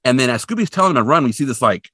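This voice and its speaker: A man's voice: mid-range voice, lively intonation, racing, pushed and bright, breathy edge, no room sound. A man co-hosting a podcast, recapping a cartoon episode in casual, wry chat and swearing bluntly. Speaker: podcast co-host.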